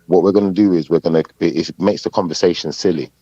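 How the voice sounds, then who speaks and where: Male podcast panelist: low voice, close dry mic, deliberate and hesitant delivery. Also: steady tone, warm tone, no echo. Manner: measured, hesitant, searching for words. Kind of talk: casual live podcast debate. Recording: dull muffled podcast audio.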